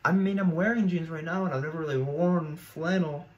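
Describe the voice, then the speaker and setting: A man's voice: a little high, fairly quick, highs cut off. Rambling teenage boy thinking aloud. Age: teens. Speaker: YouTuber. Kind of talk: casual solo commentary.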